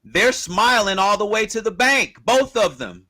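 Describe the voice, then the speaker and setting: A man co-hosting a podcast in casual chat, agreeable and measured, often laughing along. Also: high-pitched, expressive, pushed and bright. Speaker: podcast co-host.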